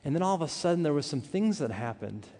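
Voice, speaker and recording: A man's voice: on the high side, fast talker. Male pastor telling a story in an echoey hall. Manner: earnest, animated storytelling with many restarts. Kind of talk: sermon storytelling. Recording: hall reverb.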